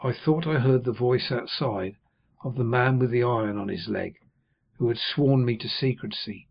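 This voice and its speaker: A man narrates a classic novel in a measured, even storytelling voice. His tone is husky and sits at a middle pitch. The recording sounds dull and lo-fi. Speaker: audiobook reader. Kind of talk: scripted narration.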